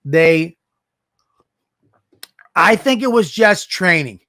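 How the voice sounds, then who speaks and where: A man co-hosting a podcast, telling a profane, animated story in casual banter on a studio microphone. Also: high voice, slow, no echo. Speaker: podcast co-host.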